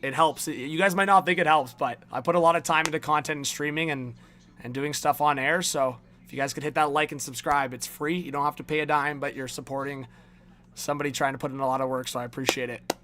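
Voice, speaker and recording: An energetic man hosting a live stream, reading chat names off one after another. His voice sits a bit high and comes across bright and forceful, with frequent laughs between shout-outs. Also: quick pace, slight background noise. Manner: upbeat, rattles off viewer names, laughs often.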